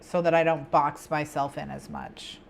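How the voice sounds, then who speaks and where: A woman's voice: sits low, flat delivery, moderate pace, creaky, slight background noise. A woman hosting a casual craft stream, thinking aloud and chatting with viewers in a rambling way. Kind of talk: casual chat with viewers while planning.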